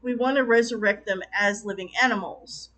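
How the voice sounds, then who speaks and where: A woman reviewing a movie in a casual rant, exasperated and animated, acting out her own baffled reactions. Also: mid-range voice, moderate pace, rough recording.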